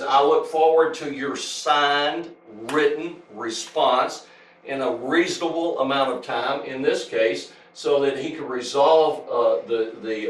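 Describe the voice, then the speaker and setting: A man's voice: medium pitch, slight background noise. A man giving a lecture and reading out legal statements, talking emphatically and often restarting his sentences. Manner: repetitive, emphatic, frequent restarts. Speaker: speaker at a public talk. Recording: echoey room, voice from far off.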